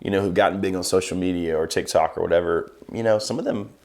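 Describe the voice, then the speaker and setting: A man's voice: deep voice, fast talker, a little mellow, slight background noise. A man in his thirties co-hosting a casual music chat, chiming in with dry, agreeable remarks. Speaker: podcast co-host.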